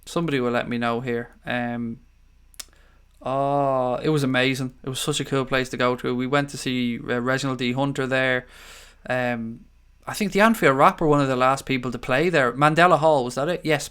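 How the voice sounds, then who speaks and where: An Irish man hosting a late-night live stream, rambling easily through viewer comments. His voice is smooth and clear, pitched at an everyday middle, with a tired edge. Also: steady tone, moderate pace, a bit bright. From Ireland. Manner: chatty, rambling, calls viewers mate. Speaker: livestream host. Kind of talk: casual live stream chat reading comments.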